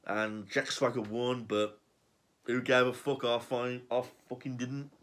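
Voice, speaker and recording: A man's voice: medium pitch, level tone, a little slow, fairly bright tone. A man giving a sarcastic, profane, exasperated rant reviewing a wrestling show. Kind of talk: ranting review.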